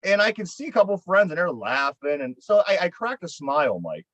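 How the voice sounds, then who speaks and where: A man's voice: on the high side, big pitch swings, brisk, a bit bright, dry recording, lo-fi sound. A man with a Pittsburgh accent, co-hosting a podcast and telling a long story in a rambling, profane way, often repeating his words. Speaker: podcast co-host. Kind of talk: casual storytelling chat.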